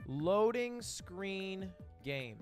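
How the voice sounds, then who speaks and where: Upbeat high-voiced man vlogging. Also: sing-song, music in the background. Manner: upbeat, fast, confident, self-deprecating. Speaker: YouTuber. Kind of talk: vlog narration.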